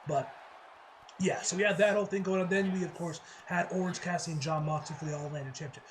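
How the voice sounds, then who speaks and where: A man giving a casual, rambling wrestling show review, excitable and full of fillers and laughs. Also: on the high side, quick pace, slight background noise.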